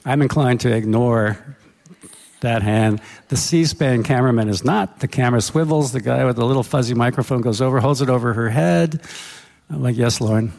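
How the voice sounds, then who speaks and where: Gravelly man telling a rambling anecdote. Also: medium pitch, normal speed, darkish tone. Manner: rambling, self-correcting, humorous anecdotes. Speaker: author guest. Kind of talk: storytelling interview talk. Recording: hall reverb.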